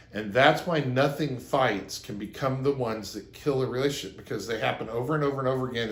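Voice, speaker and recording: In a reverberant room, a man with a lowish voice delivers an advice monologue to camera as a relationship advice host. He earnestly tells a personal story for his viewers, acting out the lines he quotes.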